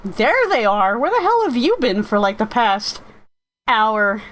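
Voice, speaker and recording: A woman's voice: fairly high pitch, expressive, a little slow, fairly bright tone, rough recording. A woman streaming from home in casual live-stream chat, rambling and often correcting herself with many fillers. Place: home, sitting in a rocking chair.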